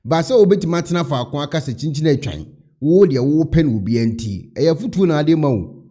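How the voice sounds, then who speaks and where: A man's voice: fairly high pitch, animated, brisk, dark tone. A Ghanaian man hosting a vlog, giving opinionated commentary in Twi mixed with English. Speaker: vlog host. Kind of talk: casual commentary.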